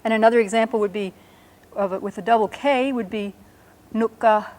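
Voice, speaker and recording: A woman on the high side of the pitch range, with a darkish tone, teaches a language lesson, explaining patiently and pronouncing words slowly and carefully.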